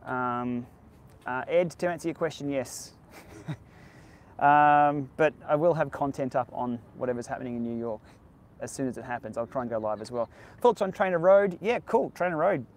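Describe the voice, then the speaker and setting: A man's voice: mid-range voice, fairly even intonation, moderate pace, a little hiss or hum. A man hosting a casual live-stream Q&A outdoors by the beach, answering viewer questions in a candid, laid-back way. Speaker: cycling tech channel host.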